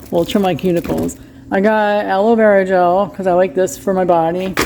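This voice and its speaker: A woman's voice: medium pitch, background noise. A woman chatting casually at home as she unboxes and shows off her shopping haul. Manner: chatty, wails dramatically over a broken cup. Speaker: vlogger. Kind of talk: casual haul vlog chat.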